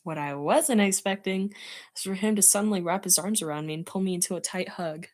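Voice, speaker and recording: A woman's voice: mid-range voice, brisk, darkish tone. Streamer, woman, casual read-aloud, giggly, chats to viewers. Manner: giggly, breaks off to comment. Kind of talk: reading fan fiction aloud on stream.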